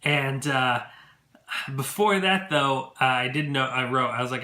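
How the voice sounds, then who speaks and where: Man, movie vlogger, casual recap, excitable, lots of ums, bright tense voice, echoey room. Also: mid-range voice, unhurried. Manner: chatty and excitable, many fillers. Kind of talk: casual event recap to camera.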